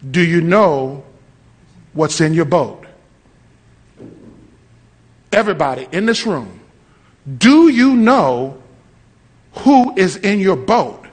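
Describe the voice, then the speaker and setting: A preacher man delivering a lively storytelling sermon, acting out voices and rising to shouts. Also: on the high side, slow, pauses often. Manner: animated, acts out voices, shouts at peaks. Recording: long hall reverb.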